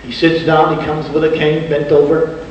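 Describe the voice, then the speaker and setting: A male rabbi tells stories in an earnest sermon, slowing down for dramatic pauses. His voice sits a little high. He sounds far from the mic, dull and washed in the long echo of a large hall. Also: level tone, darkish tone, slight background noise. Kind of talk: emotional storytelling sermon. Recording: distant, dull echoey hall.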